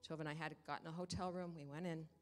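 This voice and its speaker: A woman telling a congregation a personal story in a lively way, acting out the dialogue as she goes. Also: low-pitched, very fast, in a large hall, faint music behind. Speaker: church member giving a testimony. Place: church sanctuary.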